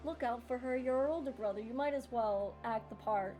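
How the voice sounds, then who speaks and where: A man's voice: extremely high pitch, a little fast, darkish tone, soft background music. Woman doing a huge doting dad. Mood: fond. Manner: affectionate, cheesy pep talks.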